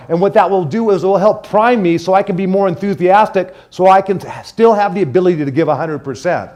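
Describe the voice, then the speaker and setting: Male classroom trainer, energetic, call-and-response delivery, slightly high voice. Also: fast talker, few pauses. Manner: energetic, prompts the class to repeat phrases.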